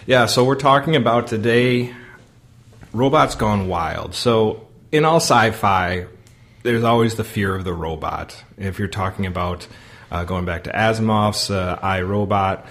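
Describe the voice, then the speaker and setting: A man with a somewhat low voice co-hosts a casual podcast chat. He rambles through his points, filling gaps with ums and uhs. He laughs easily along the way. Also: a bit bright. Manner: rambling, full of fillers and quick laughs. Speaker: podcast co-host.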